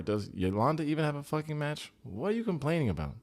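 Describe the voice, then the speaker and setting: A man's voice: a little high, big pitch swings, fast talker, few pauses, darkish tone. A man hosting a comedic TV recap, with jokey, profane, sarcastic asides. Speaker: recap show host.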